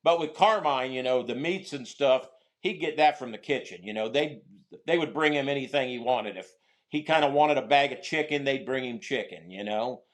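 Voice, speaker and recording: A middle-aged man, a guest on an interview show, telling a long prison story in a halting, rambling way with many restarts. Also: medium pitch.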